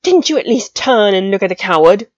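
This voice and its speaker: A woman's voice: lowish voice, a little fast, a little mellow, dry recording. A woman voicing a proud young schoolboy who exclaims in outrage, in a dry, slightly dull recording. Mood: outraged.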